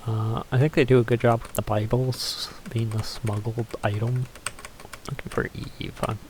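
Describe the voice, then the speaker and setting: A man's voice: medium pitch, level tone, normal speed, a little mellow, a little hiss or hum. A man giving casual, rambling commentary over a game he is playing, swearing offhandedly and using lots of fillers. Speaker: gameplay commentator.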